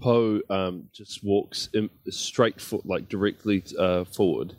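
Slow low-voiced man playing a tabletop game. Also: dry recording. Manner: slow, amused, laughing often. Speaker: player. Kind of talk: describing a character's actions in a tabletop game.

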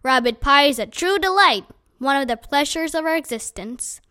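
A woman voicing a big bearded wandering man who speaks in a gentle, courtly, playful way in a storybook reading. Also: sits high, lively intonation, normal speed. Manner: courtly, playful, formal wording.

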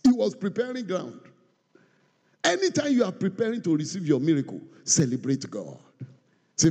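A man preaching a sermon in a church hall, animated, swinging between shouts and quiet asides. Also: high-pitched, measured pace, gravelly, long pauses, husky. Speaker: pastor. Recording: long reverb of a large hall.

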